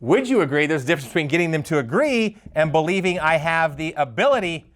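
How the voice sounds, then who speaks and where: A man giving a live leadership workshop, animated, asking the audience questions and stumbling over quick restarts. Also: fairly high pitch. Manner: animated, asks the crowd questions, stammers on restarts. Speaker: leadership speaker.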